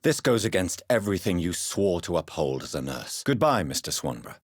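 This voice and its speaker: Jonathan Reid, low husky vampire doctor. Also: male voice, dry recording, studio quality, exaggerated voice. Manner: measured, calm, probing questions. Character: grave young male vampire doctor. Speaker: video game character. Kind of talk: game voice lines.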